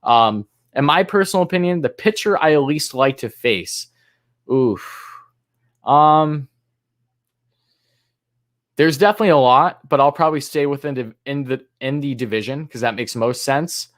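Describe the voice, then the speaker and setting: A man's voice: mid-range voice, measured pace, pauses often, fairly bright tone. A man hosting a live fan stream, calling plays in an announcer-like way between casual, hesitant answers to chat. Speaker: livestream host and fan commentator.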